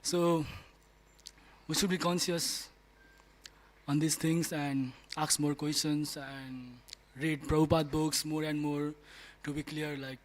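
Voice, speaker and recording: A man speaking at a devotee class, telling a story with animated delivery and frequent laughter. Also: fairly high pitch. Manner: laughs often, animated, restarts words. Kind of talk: storytelling talk. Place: temple class room.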